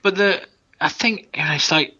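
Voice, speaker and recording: A man talks casually about a film he co-hosts a show on, acting out lines with animation. His tone is very bright and sharp. The recording sounds dull and lo-fi. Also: high-pitched, moderate pace. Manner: animated, acts out quoted lines. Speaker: film review podcast co-host. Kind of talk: casual chat.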